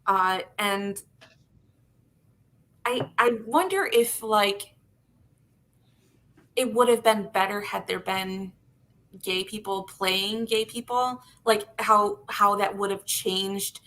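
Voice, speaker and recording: A woman's voice: medium pitch, slow, pauses often, pushed and bright. A woman co-hosting a live podcast panel, speaking casually and hesitantly with frequent restarts. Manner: hesitant, many restarts and "like" fillers. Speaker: podcast co-host.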